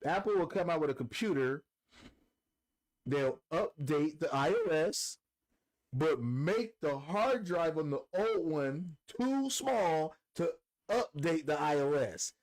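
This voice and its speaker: A man co-hosting a casual podcast chat, an animated storyteller who acts out quotes. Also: a little high, slow. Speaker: podcast co-host.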